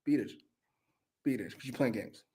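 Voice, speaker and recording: A man co-hosting a live wrestling review, cursing and swinging from low mutters to loud shouted rants. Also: normal speed, husky. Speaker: wrestling show co-host. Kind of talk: profane live review chat.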